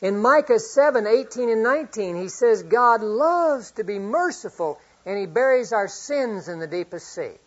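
A middle-aged man preaching a sermon, earnest, reading scripture often and swinging from loud to hushed. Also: high voice, lively intonation, normal speed, hardly any pauses, breathy edge. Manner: reads scripture aloud often. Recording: dull lo-fi recording.

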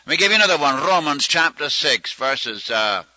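A man's voice: fairly high pitch, sing-song, brisk, sharp tone, no room sound. A man preaching a sermon in a folksy, storytelling manner, acting out quoted prayers. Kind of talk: sermon teaching. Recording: muffled lo-fi recording.

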